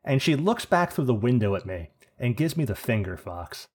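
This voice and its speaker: A man co-hosting a podcast, telling a story in an animated, profane rant and laughing as he goes. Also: medium pitch, normal speed, husky. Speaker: podcast co-host.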